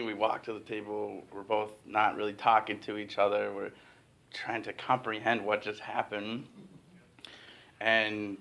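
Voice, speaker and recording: A man's voice: lowish voice, level tone, measured pace, fairly bright tone. A man from Illinois telling a humorous personal story as a club speaker, casual and self-deprecating with frequent fillers. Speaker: humor master giving a club speech. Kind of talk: comic storytelling speech. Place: meeting room.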